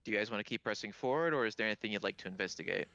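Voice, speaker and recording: A man's voice: fairly low pitch, racing, vocal fry, bright, forceful tone, dry recording, highs cut off. A man narrating a tabletop game as game master, describing scenes and asking the players what they do.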